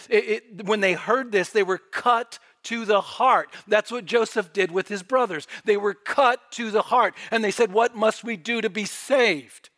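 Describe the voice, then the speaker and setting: A man preaching a sermon with fervent delivery, swelling loud and dropping to near-quiet. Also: high-pitched. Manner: fervent, rising and falling in volume.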